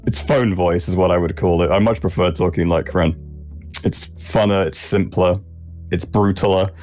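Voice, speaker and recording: A man with a Southern English accent chats easily with his fellow players, his voice sitting very low. He talks in quick bursts and laughs often. Faint music plays somewhere behind him. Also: steady tone, darkish tone. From Southeast England. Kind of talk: casual chat between game sessions.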